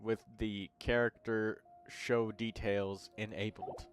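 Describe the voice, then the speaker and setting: A man hosting a game livestream in relaxed, rambling casual chat, with many fillers. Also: fairly low pitch, slow pace. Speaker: livestream host. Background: game music.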